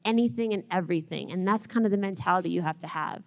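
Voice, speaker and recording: A woman's voice: lowish voice, fast talker, gravelly, darkish tone. Blunt, wisecracking woman on a panel. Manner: blunt, self-mocking humor. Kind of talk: candid panel talk.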